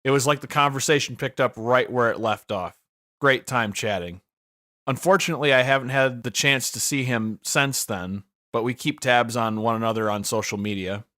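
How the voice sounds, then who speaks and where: A man's voice: mid-range voice, moderate pace, bright, forceful tone, dry recording, clean studio sound. A man hosting a podcast, reading a scripted introduction of his guest as a plain story. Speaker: podcast host. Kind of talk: scripted narration.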